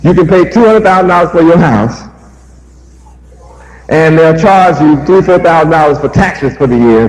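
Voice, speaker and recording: A man's voice: fairly high pitch, normal speed, darkish tone, low-quality recording. A man preaching a sermon, emphatic and repetitive, firing rhetorical questions at his listeners.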